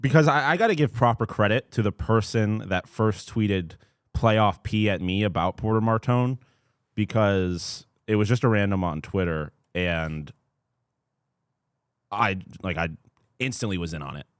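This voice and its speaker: A man's voice: fairly low pitch, a little slow, smooth, no echo, clean studio sound. A man co-hosting a casual sports podcast, easygoing and full of fillers. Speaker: podcast co-host. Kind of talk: casual chat.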